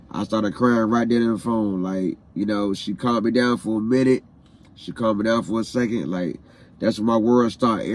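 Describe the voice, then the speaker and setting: A man's voice: fairly low pitch, steady tone, moderate pace. A man vlogging a personal story, retelling a painful day in an emotional, repetitive way. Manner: repetitive, heartfelt retelling with phrases said again and again; emotional, grieving.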